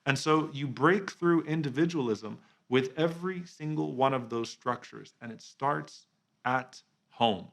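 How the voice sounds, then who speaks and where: A man giving a reflective religious talk as a preacher, earnest and measured, slowing down on key phrases and dropping softly on the honorific blessings. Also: mid-range voice, vocal fry. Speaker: Islamic preacher.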